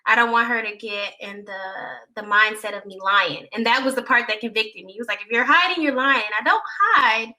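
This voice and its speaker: A woman's voice: mid-range voice, steady tone, moderate pace, few pauses, bright, forceful tone, poor audio. A woman hosting a casual online panel, chatty and upbeat, with lots of fillers. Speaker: panel host, nonprofit executive director. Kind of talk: casual panel chat on a video call. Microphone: video call.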